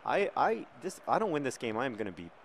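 Excitable middle-aged man playing a game. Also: medium pitch, fast, creaky, slight background noise. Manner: excitable, jokey, shouts at big moments. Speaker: video game commentator. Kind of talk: playing a football video game with live commentary.

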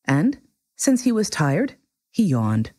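A woman reading a children's book aloud in an animated, theatrical way. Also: deep voice, takes it slowly, no room sound. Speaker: reader. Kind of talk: expressive storybook reading.

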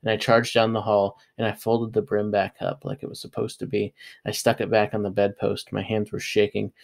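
A man with a low voice reads a novel aloud. He tells the story in a steady, plain way, letting the narration carry without fuss. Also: fairly quick, vocal fry. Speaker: audiobook reader.

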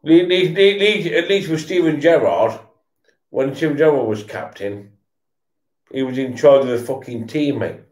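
A man's voice: on the high side, expressive, moderate pace, darkish tone, reverberant. A tipsy man, swearing and stammering through a casual rant while he watches football. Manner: swearing, repetitive, stammering restarts. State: tipsy from beer.

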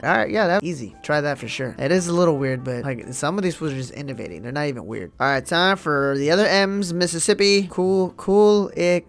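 A man's voice: a little high, a bit bright. A man doing casual reaction commentary as a video host, loose and joking, reading items aloud and then riffing on them.

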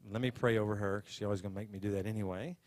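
Here a man, a pastor, speaks rapid-fire in a lowish, darkish voice with fairly even intonation, introducing a guest speaker in a church sanctuary and praying over her with mounting intensity. The recording has no echo.

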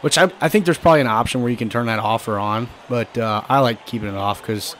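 A hoarse man giving casual, excitable commentary while playing a baseball video game, often swearing and shouting at the players. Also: mid-range voice, fast talker, slight background noise. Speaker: gaming channel host.

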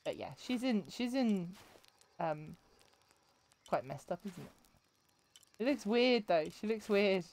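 Slow-talking woman streamer. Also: medium pitch, lively intonation, a little mellow, a little hiss or hum. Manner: chatty, jokey, talking to herself. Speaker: game streamer. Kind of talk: casual gameplay commentary.

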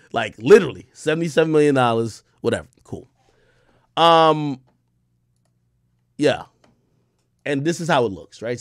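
Animated, profane New storyteller man. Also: on the high side, dry recording, studio quality. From the Bronx, New York. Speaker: streamer host. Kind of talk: casual storytelling monologue.

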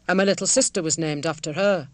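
A woman voicing a timid, lonely weaver in an audiobook, speaking quietly and hesitantly. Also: lowish voice, fast talker, no room sound, natural voice. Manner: quiet, hesitant, soft-spoken. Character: timid lonely man, a reclusive village weaver.

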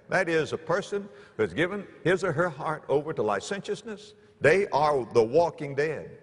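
Animated preacher in a reverberant sanctuary. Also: male voice, normal speed, hardly any pauses, husky. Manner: animated, dramatic swings in pitch and loudness. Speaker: pastor. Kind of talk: storytelling sermon. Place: church sanctuary. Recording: long reverb of a large church.

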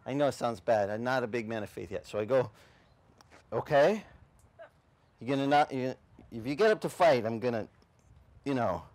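Male pastor, lively storytelling sermon voice, swings wide in pitch, middle register. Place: beach service outdoors.

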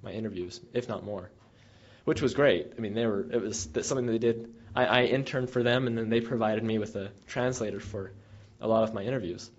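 A man's voice: on the low side, a little fast. A young man, a former field researcher, casually telling students an anecdote in a rambling way, with many restarts and fillers. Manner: rambling, with many restarts and fillers, animated when retelling dialogue. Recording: dull lo-fi recording.

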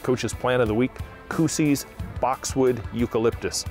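A man's voice: mid-range voice, unhurried, a little mellow, faint music behind. A man hosting a landscaping vlog, chatting folksy and casual outdoors at a plant nursery. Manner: folksy, chatty, with frequent fillers. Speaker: landscaping channel host.

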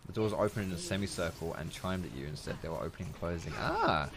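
A man's voice: sits low, fast, a crowd in the background. A young man with an English accent, chatting casually and rambling as he streams a game and answers his chat. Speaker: gaming streamer. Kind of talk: casual chat while playing and reading chat.

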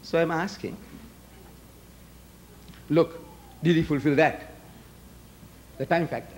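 A man's voice: high-pitched, expressive, normal speed, long pauses. An older man with a South African accent giving a public debate speech, asking rhetorical questions and acting out both sides of an argument.

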